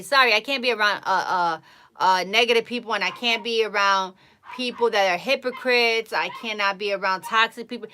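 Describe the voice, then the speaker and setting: Woman, bright sharp voice, casual live-stream monologue, blunt, repetitive, emphatic. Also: mid-range voice, moderate pace, clear, resonant tone. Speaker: psychic livestreamer.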